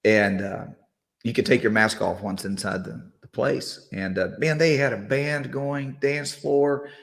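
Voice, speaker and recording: A middle-aged man, a singer guesting on a radio show, telling a relaxed anecdote with fillers and restarts. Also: medium pitch, measured pace, gravelly. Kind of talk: casual storytelling.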